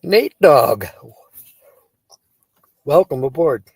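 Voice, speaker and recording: A man hosting a relaxed live stream, chatting slowly and easily while he reads viewer comments and jokes around. His voice has a husky edge and sounds dry and close, with no room around it. He is goofy and giggly and keeps cracking himself up. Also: medium pitch, no room sound. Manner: giggly, breaks into laughter often; playful and goofy, tickled by wordplay. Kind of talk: casual live-stream chat, reading viewer comments aloud.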